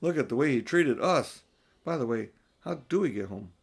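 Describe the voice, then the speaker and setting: An older man reading a storybook aloud, voicing an eager, excitable young boy in a raised voice. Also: medium pitch, moderate pace, creaky, husky.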